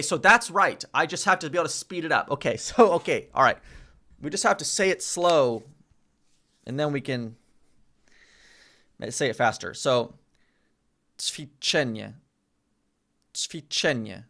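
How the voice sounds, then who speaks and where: A man's voice: fairly high pitch, expressive, normal speed, pauses often, bright, forceful tone. A man live-streaming as he practises a language, chatting casually, reading the chat aloud and repeating sounds over and over. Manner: reads chat aloud, chatty and self-mocking.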